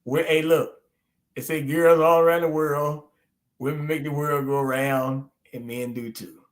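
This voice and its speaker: A man's voice: on the high side, steady tone, a little slow. A middle-aged man hosting a casual chat, telling stories in a laid-back, drawling way and laughing often. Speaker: host.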